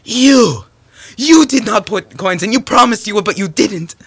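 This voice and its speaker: A man's voice: medium pitch, expressive, normal speed, sharp tone. A man voicing a stubborn, stingy schoolteacher husband who stammers and bursts out indignantly.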